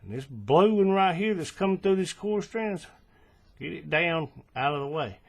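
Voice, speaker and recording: A man with a husky, slightly breathy voice walks through a craft step by step from his worktable. His pitch moves around a lot as he talks. He is relaxed, checks in with the viewer, and fixes his own slips, all picked up on the camera's mic. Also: moderate pace. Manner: relaxed, checks in with "right?" and self-corrects. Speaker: crafting tutorial host. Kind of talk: step-by-step hands-on instruction. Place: indoors at a table, working close to the camera.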